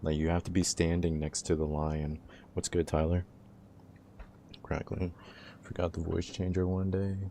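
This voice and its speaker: A young man hosting a casual livestream, his voice low and gravelly with a dark, mellow tone. He teases his chat in a relaxed, playful way and laughs easily, while a faint hiss sits behind him. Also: moderate pace, long pauses. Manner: teasing, laid-back banter with chat, laughs often.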